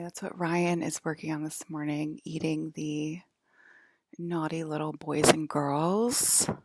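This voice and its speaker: Sarcastic gravelly-voiced woman vlogger. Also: lowish voice, dry recording. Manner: sarcastic, heavy use of "like". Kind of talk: rambling solo vlog monologue.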